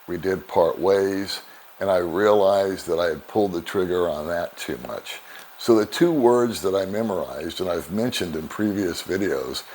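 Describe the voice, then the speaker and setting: An older man vlogging, telling relaxed, rambling anecdotes to the camera and chuckling now and then. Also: deep voice, a little hiss or hum. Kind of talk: casual storytelling to camera.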